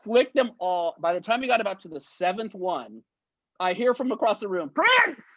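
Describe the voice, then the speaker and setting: A man in his fifties, a guest on an interview, telling stories in a lively way and acting out the people in them. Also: sits high, brisk, dry recording, muffled recording. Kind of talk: anecdotal storytelling.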